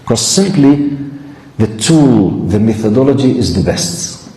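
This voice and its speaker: A middle-aged man from Jordan with an Arabic accent, giving an animated lecture to a live audience and repeating key words for emphasis. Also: medium pitch, measured pace. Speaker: Islamic lecturer. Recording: echoey hall recording.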